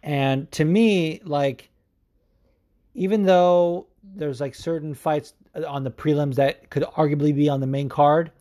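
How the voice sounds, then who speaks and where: A man's voice: on the high side, fairly even intonation, unhurried, mellow. A man hosting a podcast, chatting casually in a rambling, profane way with lots of filler words. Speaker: podcast host. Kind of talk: casual chat.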